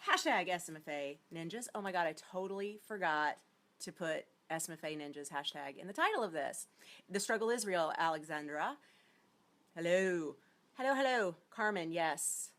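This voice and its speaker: A woman with a medium-pitched, fairly bright voice hosts a casual livestream as an acting coach. Bubbly and chatty, she greets viewers by name as she talks.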